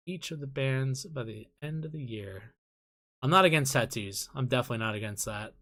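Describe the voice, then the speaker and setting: A young man talks loosely through a live stream, answering chat questions with frequent swearing. His voice is bright and middle in pitch. He keeps it casual and laughs easily between answers.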